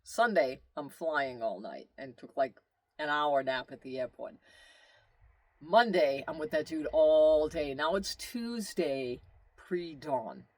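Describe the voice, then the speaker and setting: A man telling a long road-trip story in casual, rambling storytelling, animated, with asides and exclamations. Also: fairly high pitch, takes it slowly, no room sound. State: tired. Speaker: vlogger telling his travel story.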